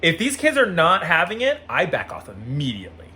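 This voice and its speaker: Brief: animated male vlogger, a bit high-pitched, faint room hiss. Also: a little fast. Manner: animated, acts out quoted voices, frequent "like" fillers. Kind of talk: casual storytelling vlog.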